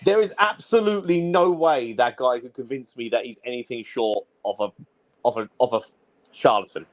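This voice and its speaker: A man's voice: mid-range voice, normal speed, no room sound. A man from southern England with a Southern English accent, chatting bluntly on a casual livestream and swearing offhandedly.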